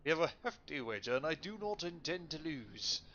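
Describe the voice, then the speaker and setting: A man attempting a shaky British accent to voice a reserved, aloof English gentleman in a narrative game. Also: on the high side, sing-song, brisk, lo-fi sound, slight background noise, pitched above the performer's own voice. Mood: haughty. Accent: attempted British, put on.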